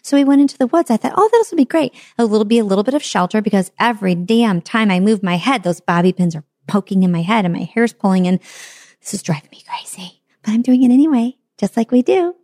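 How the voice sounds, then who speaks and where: A middle-aged woman telling a funny personal story, self-mocking and animated, acting out her own reactions. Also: medium pitch, no echo, clean studio sound.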